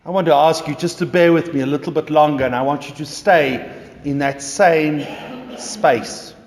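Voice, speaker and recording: A man's voice: medium pitch, darkish tone. A man preaching a sermon, telling a story dramatically in the second person. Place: church. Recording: echoey church reverb.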